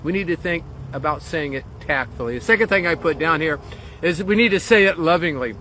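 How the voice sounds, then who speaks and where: A man's voice: a little high, brisk, pushed and bright, slight background noise. A man speaking as a pastor in a short devotional message, earnest and encouraging, leaning on key phrases.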